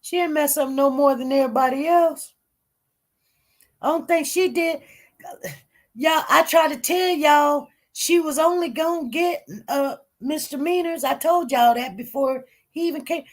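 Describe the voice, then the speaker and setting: A woman's voice: high-pitched, measured pace. A woman giving casual, emphatic commentary on news stories, repeating herself and talking informally. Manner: emphatic, repetitive, animated.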